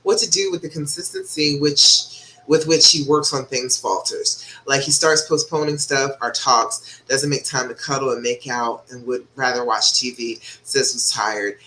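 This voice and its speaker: A woman's voice: a bass voice, moderate pace, pushed and bright, reverberant, slight background noise, rough recording. A woman relationship coach on a live stream, giving chatty, encouraging advice and often checking in with "okay?". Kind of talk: live-stream advice and reading viewer comments.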